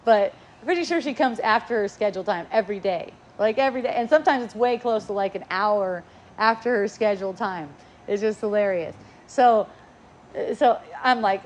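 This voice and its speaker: A woman's voice: medium pitch, normal speed, slight background noise. A middle-aged woman giving a casual spiritual talk, playful and laughing often as she acts out what people say to her.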